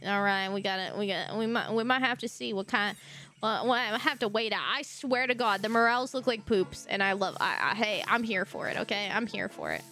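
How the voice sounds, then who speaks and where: A woman streamer talks to her viewers in a bright, bubbly voice that swings high and low. She giggles and jokes as she plays. Faint game music hums behind her. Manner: giggly, animated, chatting to viewers. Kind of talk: casual live-stream chat.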